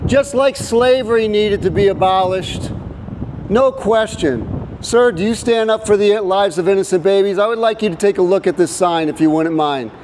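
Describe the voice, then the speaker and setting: A man preaching in the open air to passers-by in a loud, insistent, declaiming way. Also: high voice, moderate pace, a little hiss or hum, poor audio. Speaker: street activist. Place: outdoors by a government building.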